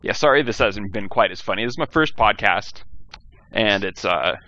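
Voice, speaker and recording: Animated and sharp-toned, a young man with a fairly low pitch hosts a solo podcast at a moderate pace. He rants in a profane, rambling, jokey style, recorded on a cheap gaming headset that leaves the sound dull and lo-fi.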